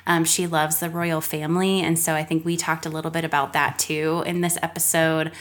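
A woman's voice: deep voice, level tone, fairly bright tone. Giggly, chatty woman podcast host. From Florida. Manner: chatty and giggly, quick to laugh. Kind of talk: casual podcast chat.

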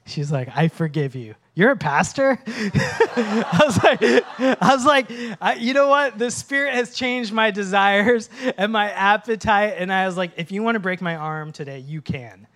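High-voiced pastor preaching with playful humor. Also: male voice, lively intonation, measured pace. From Minnesota. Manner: storytelling, self-mocking humor, then soft prayerful close. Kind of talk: sermon.

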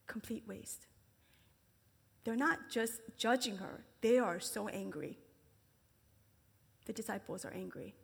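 A woman's voice: measured pace, vocal fry, long pauses, slightly rough. A woman giving a conversational sermon, acting out quoted voices and dropping to a whisper for emphasis. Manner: conversational, acts out quoted voices with big pitch jumps. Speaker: speaker at a ministry gathering. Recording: long hall reverb.

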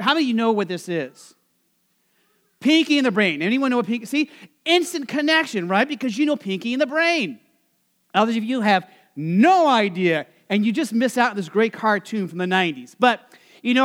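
A pastor from Nebraska, USA, delivers a chatty sermon during a church service in a high, fairly bright voice. He's conversational, full of fillers, and keeps asking questions of the people in the pews.

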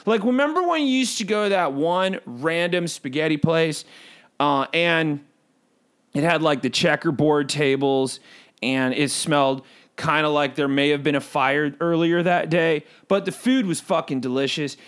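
A man's voice: on the high side, a little slow, a bit bright, clean tone. A man voicing a bored, hyper male bird who hosts a podcast, rambling in goofy self-talking asides. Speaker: podcast host. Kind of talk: comedic character podcast. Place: home recording booth.

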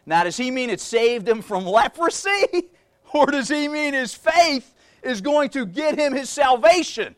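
A man's voice: very high voice, expressive, unhurried, no room sound. A man preaching a sermon, reading scripture and repeating key phrases with emphasis as he addresses the congregation as folks.

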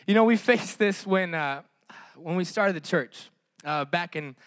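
A man delivering a sermon as pastor, his voice sitting high for a man. He builds through repeated rhetorical questions and phrases, with plenty of fillers along the way. The sound is dry, with no room echo. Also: unhurried. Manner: impassioned, rhetorical repetition with frequent fillers.

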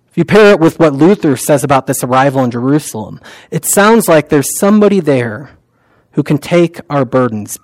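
A man preaching a sermon in a conversational way, with many fillers, and reciting prayers softly. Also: medium pitch, no echo, poor audio.

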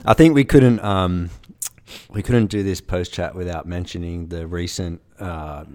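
A man with a very deep, mellow voice explains a story in casual chat. He talks in a thoughtful, easygoing way. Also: unhurried. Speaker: podcast co-host.

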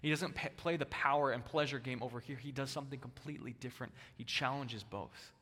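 A male pastor preaching a sermon, with emphatic stress that swings between loud bursts and hushed, low lines. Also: quick pace. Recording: long hall reverb.

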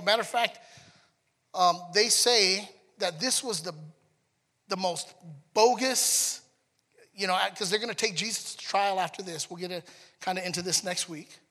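A man preaching a sermon in a conversational, animated way, acting out scenes as he goes. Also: sits high, big-room sound. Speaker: pastor.

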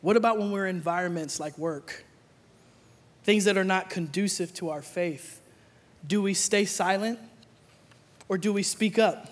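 Man, young adult, high-pitched voice, sermon, playful slang, joking asides. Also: moderate pace, long pauses. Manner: playful, acts out Bible figures in slang with jokes. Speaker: pastor.

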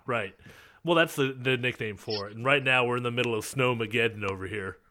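A man hosting a podcast in loose, chatty banter, often breaking into laughter. His voice is bright and forward, at a middling pitch, and he rambles cheerfully between jokes. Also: brisk, slight background noise. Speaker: podcast co-host.

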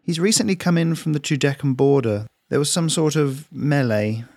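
A brisk, worried woman caretaker, put on by a male reader in a storybook reading, reporting plainly and to the point. The voice is lifted well above the reader's natural pitch, with a dry, close sound. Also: darkish tone, no echo. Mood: concerned.

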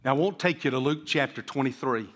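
A man's voice: mid-range voice, a little fast, fairly bright tone, long reverb tail. A man preaching a sermon to a congregation, acting out the voices of the people in his story. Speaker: pastor. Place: church sanctuary.

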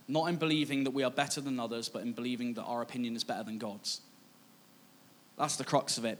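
A man preaching a sermon, in a conversational, self-mocking way that acts out past dialogue. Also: medium pitch. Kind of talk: sermon with personal storytelling.

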